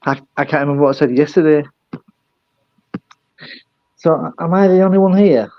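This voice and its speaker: A man's voice: fairly high pitch, normal speed, no room sound. Older British man on a dull call line. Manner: chatty, self-deprecating, rambling. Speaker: guest caller. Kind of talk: casual chat.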